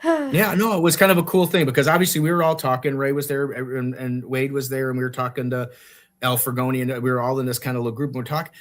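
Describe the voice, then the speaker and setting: A man hosting a relaxed live stream chat. He rambles and circles back, restarting his sentences and leaning on fillers. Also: mid-range voice, fast. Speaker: host.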